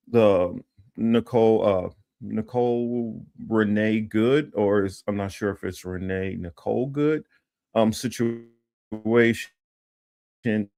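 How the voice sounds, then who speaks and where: A man's voice: on the low side, mellow, dry recording, clean studio sound. A man hosting a casual political livestream, talking with many fillers and restarts and reading news text aloud. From Los Angeles area. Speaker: political commentary host.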